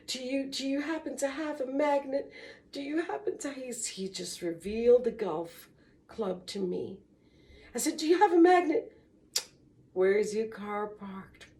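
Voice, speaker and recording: Slow, earnest woman telling a story. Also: a little high, mellow. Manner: slow, earnest testimony with religious exclamations. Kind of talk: personal storytelling.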